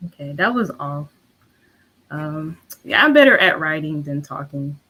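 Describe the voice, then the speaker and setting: Woman, reading an essay aloud, formal and steady, slightly nervous, video call. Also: low-pitched, unhurried, rough recording.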